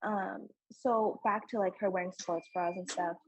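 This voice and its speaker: A young woman speaking as a podcast guest, earnest and emotional in candid conversation, with a husky voice. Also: mid-range voice, fairly even intonation, measured pace, no echo, poor audio. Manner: earnest and emotional, frequent fillers and laughs.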